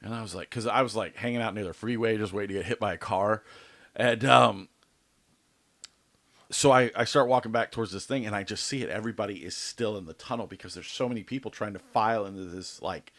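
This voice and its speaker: A young man tells a rambling story, full of swearing and loose fillers. His voice sits on the low side, and the close mic keeps it dry and dead. He sounds like one half of a laid-back podcast chat. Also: fast, fairly bright tone, no room sound. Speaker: podcast co-host. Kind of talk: casual chat.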